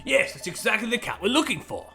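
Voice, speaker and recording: A man's voice: sits high, wildly swooping pitch, quick pace, sharp tone, soft background music, voice pushed up, exaggerated voice. A man voicing a cheerful young woman detective in a raised, eager voice.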